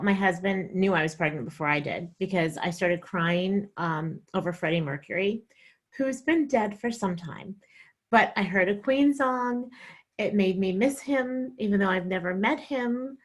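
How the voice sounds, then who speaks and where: Young woman, from the American South, stand-up comedy storytelling, animated, acts out quoted voices. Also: mid-range voice.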